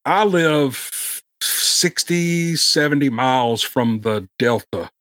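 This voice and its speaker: A man with a Memphis Southern accent talks in a rambling, easygoing way as a podcast guest. His voice sits at a middle pitch. It is recorded dry on his own home microphone. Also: animated, slow pace, a bit bright, dry recording. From Memphis, Tennessee. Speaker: guest, audiobook narrator. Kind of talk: casual podcast chat.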